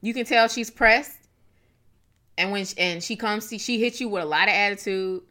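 A young woman co-hosting a casual chat show, talking in a playful, animated way with quick asides. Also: medium pitch. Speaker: podcast co-host.

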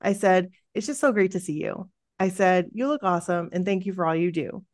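A woman's voice: fairly low pitch, a little fast, no echo. Woman reading a fan story, dry sound. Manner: lively, expressive reading with laughs. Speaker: podcast host. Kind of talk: reading a listener's story aloud.

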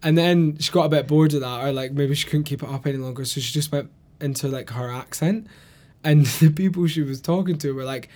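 A man from Glasgow, Scotland, with a mellowed Glasgow Scottish accent co-hosts a casual podcast, telling animated stories, swearing freely and laughing often. His voice is fairly high-pitched and brisk.

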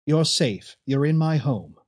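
A man reading the part of a calm, composed woman who reassures and questions steadily. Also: a little high, a little slow. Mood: calm, reassuring.

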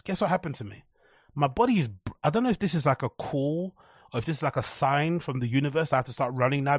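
A man's voice: mid-range voice, husky, no echo, clean studio sound. A young man hosting a podcast alone, telling stories in a rambling, profane, casual way and acting out the people he quotes. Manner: rambling, profane storytelling with animated quoted voices. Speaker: podcast host. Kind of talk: casual solo monologue.

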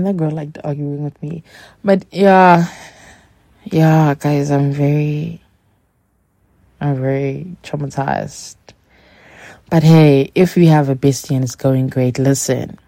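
A woman with a low, mellow voice tells a personal story in a relaxed, candid monologue. She speaks straight to her listeners. The sound is dry and close. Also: slow, long pauses, no echo. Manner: candid, chatty, acts out quoted dialogue; addresses listeners directly. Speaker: podcast host.

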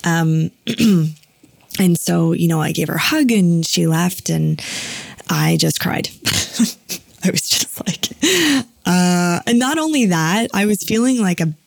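A woman hosts a podcast and shares a personal story in a rambling, heartfelt way, full of fillers and self-corrections. Her voice sits low with a gravelly fry. The sound is dry and close, with no room around it. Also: a little slow, darkish tone, no room sound. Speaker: podcast host. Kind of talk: personal, candid podcast talk.

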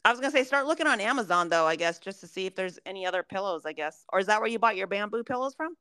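A woman co-hosting a podcast in casual chat, reflective and often trailing off softly. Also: medium pitch, expressive, racing, clean tone, no room sound. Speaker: podcast co-host.

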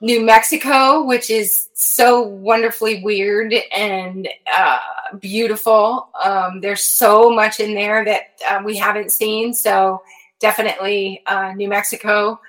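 A woman's voice: medium pitch, steady tone, slow pace, a bit bright, low-quality recording. A woman with a Midwestern accent, a fishing show host chatting casually, with lots of fillers. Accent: Midwestern American. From Nebraska. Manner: friendly, with frequent fillers and laughter. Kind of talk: casual chat.

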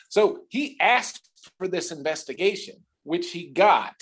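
A man's voice: high-pitched, lively intonation, measured pace, few pauses, a bit bright. A man hosting a political podcast, talking casually and sarcastically, often mimicking others in exaggerated voices. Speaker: podcast host.

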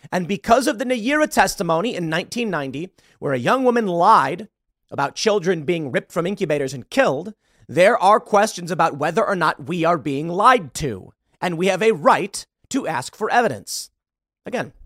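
A man's voice: high-pitched, a bit bright, dry recording, clean studio sound. Heated man giving political commentary. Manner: heated, emphatic, repeats words when worked up. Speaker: podcast host.

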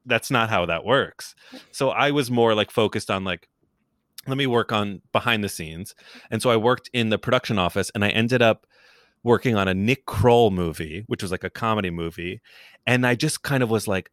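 A man's voice: fairly low pitch, normal speed, a bit bright, no room sound, clean studio sound. A man from New York, in his thirties, chatting casually as a podcast guest, rambling with many restarts and frequent laughter. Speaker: guest, comedian.

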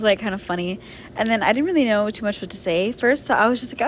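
A woman's voice: medium pitch, fast talker, a little hiss or hum. A young woman casually telling a personal story to her viewers, chatty and full of fillers. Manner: chatty, filler-heavy, animated retelling. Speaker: vlogger.

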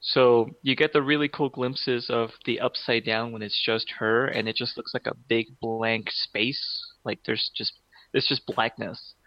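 A man's voice: medium pitch, fairly even intonation, unhurried, no echo, highs cut off. A man co-hosting a podcast in casual chat, rambling and enthusiastic with many fillers.

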